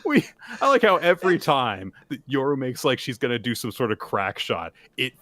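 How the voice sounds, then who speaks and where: A man co-hosting a podcast, casually recapping manga and acting out the characters' lines in an animated way. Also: medium pitch, moderate pace, no echo. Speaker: podcast co-host.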